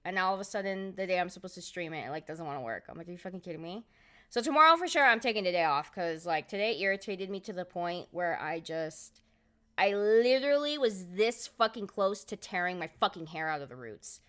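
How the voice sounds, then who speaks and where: A woman's voice: on the low side, animated, a little fast, bright, forceful tone, clear, resonant tone. A woman game streamer chatting casually on a live stream, rambling and swearing as she vents her exasperation. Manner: profane, rambling, exasperated venting.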